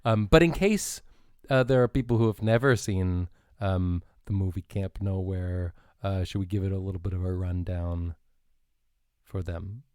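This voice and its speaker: A man's voice: deep voice, moderate pace, dry recording, clean studio sound. An American man co-hosting a podcast in casual chat, joking and retelling stories with lots of ums and uhs. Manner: joking, animated storyteller with many fillers. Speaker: podcast co-host.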